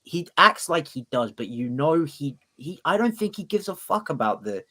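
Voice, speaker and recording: Talking in excited, rapid bursts, a podcast co-host with a voice on the high side argues in a casual debate. He restarts his sentences, swears, and acts out scenes he's quoting.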